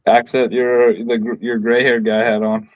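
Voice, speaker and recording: A man's voice: mid-range voice, little pitch movement, moderate pace, dry recording, narrow, tinny audio. A man co-hosting a live art stream, chatting casually and easily, mostly with short agreeing replies. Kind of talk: casual chat.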